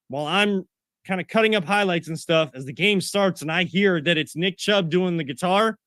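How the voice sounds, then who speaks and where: A man's voice: sits high, fairly bright tone, dry recording, clean studio sound. A man co-hosting a sports talk show, ranting and getting worked up as he makes his point. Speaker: co-host.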